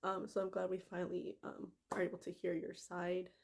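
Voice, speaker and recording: Reading passages aloud in a casual, emotional vlog, this woman gushes and leans heavily on fillers, especially "like" and "freaking." Her lowish voice is gravelly and a little mellow, a bit fast and monotone.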